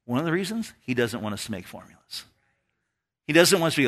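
A man's voice: mid-range voice, quick pace. A man pastor preaching a sermon and telling stories with laughter. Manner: storytelling, animated, laughs at his own stories.

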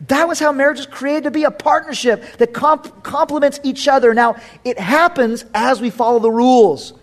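A man's voice: very high-pitched, moderate pace. A middle-aged male pastor preaching a sermon, emphatic, repeating key phrases with playful asides.

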